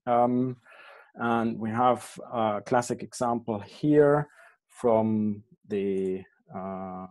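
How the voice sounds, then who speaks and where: A man with a fairly low voice delivers an academic lecture over slides through an online call. He talks haltingly, filling pauses with ums and restarting phrases as he corrects himself. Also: steady tone, a little mellow. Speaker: guest lecturer.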